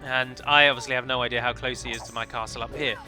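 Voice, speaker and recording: A man's voice: mid-range voice, fairly even intonation, fast talker, bright, forceful tone, faint music behind. A man commentating on his own multiplayer strategy match, chatty and analytical, often correcting himself mid-sentence. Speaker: let's play commentator. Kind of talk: game commentary.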